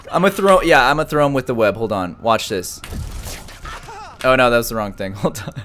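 A young man giving excited live commentary as he streams a game, jumping from mumbling to shouts and laughter. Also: mid-range voice, slight background noise.

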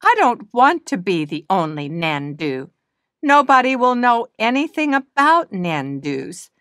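A woman's voice: a little high, big pitch swings, unhurried, fairly bright tone, no echo, clean studio sound, voice pushed up. A woman voicing a nervous, stubborn little girl nandu bird in a storybook reading, refusing things in anxious, whiny refrains.

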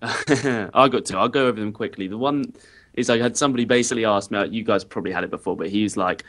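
A podcast guest with a lowish voice. He tells a wry story in a casual chat and acts out the quotes as he goes. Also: quick pace, a bit bright.

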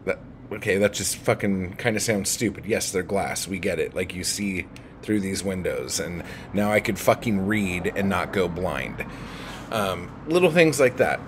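A man's voice: low-pitched, animated, measured pace, background noise. A man ranting about writing to his followers, agitated and swearing heavily. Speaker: book vlogger. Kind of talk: profane rant to camera.

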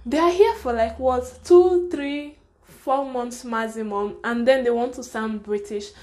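A young woman from Nigeria with a Nigerian accent and a fairly high voice talks fast and frankly in a casual storytime vlog. She gives advice in a chatty way, sprinkling in the word "sha" and plenty of laughter. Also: a little mellow. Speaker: vlogger.

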